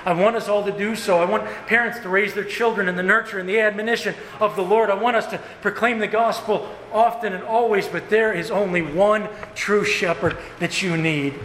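A man preaching a sermon as pastor, earnest and emphatic, with slow stressed phrases and repetition. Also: sits high, a bit bright. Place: church sanctuary. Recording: echoey hall with faint room noise.

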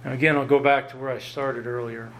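A man preaching a sermon, emphatic and lively, often jumping up in pitch to drive home a point. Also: quick pace, slight background noise. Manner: emphatic, rises sharply in pitch to stress points. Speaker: pastor.

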